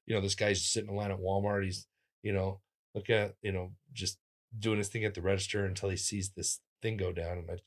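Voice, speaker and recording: A man, a comedian, telling stories in a casual interview, animated and acting out the voices of people he quotes with sudden jumps in pitch. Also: fairly quick. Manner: talks in restarts and fillers, lively physical-comic energy. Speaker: comedian guest.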